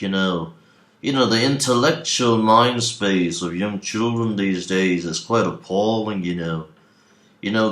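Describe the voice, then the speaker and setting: A man's voice: fairly low pitch, a bit bright. Man doing an aloof older rock musician. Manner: lofty, meandering musing. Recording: echoey room.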